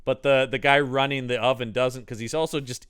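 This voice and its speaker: A man co-hosting a laid-back movie podcast speaks briskly in a clear, resonant mid-range voice. Animated throughout, he performs the characters' lines as he reviews the film.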